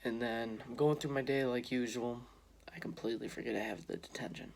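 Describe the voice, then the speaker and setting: A man's voice: medium pitch, a little fast, creaky, a little mellow, a little hiss or hum. A young man telling a casual story to camera, rambling with frequent restarts and acting out what others said. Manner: rambling, restarts often, acts out quotes. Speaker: vlogger.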